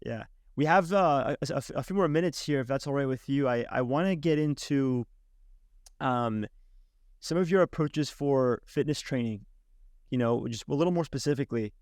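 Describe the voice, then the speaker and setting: A man's voice: mid-range voice, normal speed, darkish tone, no echo, clean studio sound. A man hosting a podcast interview who talks conversationally, hesitating often and restarting his sentences. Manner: hesitant, with many restarts and fillers. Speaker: podcast host.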